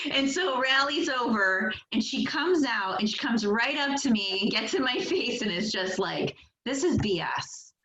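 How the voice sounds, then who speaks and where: A woman's voice: on the high side, lively intonation, measured pace, sharp tone, a little hiss or hum. Upbeat chatty woman leading a sales call. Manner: upbeat, chatty, laughs often, many fillers. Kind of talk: motivational team call. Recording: echoey, dull lo-fi call audio.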